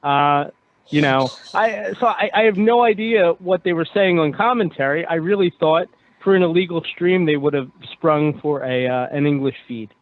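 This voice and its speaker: Man, high voice, very animated, chatty radio host, phone-line sound. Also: normal speed. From Philadelphia. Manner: chatty, laughs easily, many fillers. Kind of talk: casual call-in panel chat. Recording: tinny phone line with faint noise.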